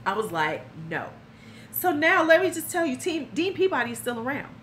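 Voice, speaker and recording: A woman in her fifties hosts a live stream and tells a story with frank, blunt energy. Her voice is a touch high and swings widely in pitch, and there is faint noise behind her. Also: brisk. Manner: frank, blunt and animated, addressing viewers by name.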